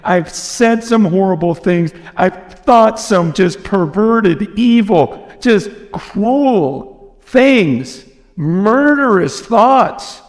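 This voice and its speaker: An American man preaches a sermon in a large church hall whose long reverb carries his words. He is earnest and emphatic, often repeating phrases, and his high-pitched voice moves with lively intonation at a very slow pace.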